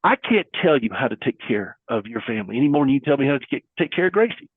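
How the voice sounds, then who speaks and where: A man's voice: mid-range voice, very animated, fast, no room sound. A middle-aged man speaking earnestly and preacherly in a conversational interview, with folksy metaphors. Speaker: guest caregiver advocate. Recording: husky voice over a thin phone-like line.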